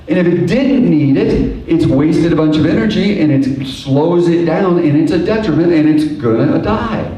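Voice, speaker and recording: Animated man lecturing in an echoey hall. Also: high voice, distant mic. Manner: animated storyteller who acts out little voices and hums tunes. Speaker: creation science speaker. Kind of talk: lively church lecture.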